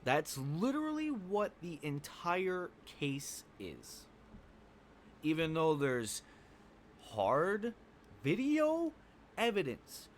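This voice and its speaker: A man's voice: on the high side, slight background noise. A man giving a casual spoken movie review, blunt and profane, rambling with fillers like "um" and "like".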